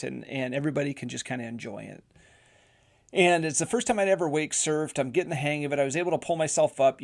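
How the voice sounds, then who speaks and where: A middle-aged man hosting a podcast, telling a casual story with many repeated words and fillers. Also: mid-range voice. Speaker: podcast host, physical therapist.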